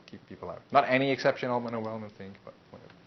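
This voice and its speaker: The lecture comes through muffled and faintly hissing: a man at medium pitch races along, teaching a university class conversationally with plenty of fillers and restarts.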